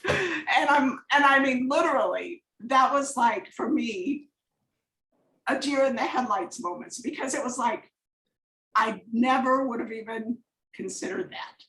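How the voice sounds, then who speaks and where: A woman's voice: a little high, lively intonation, a little slow, bright, forceful tone. A woman giving a chatty, rambling slide presentation on a coaching video call, drifting into personal anecdotes. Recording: echoey room on a video call.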